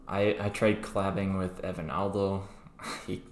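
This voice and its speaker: A man's voice: low voice, flat delivery, measured pace. A young man hosting a crypto trading livestream, chatting casually and rambling with many fillers and restarts. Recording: echoey room with faint background noise.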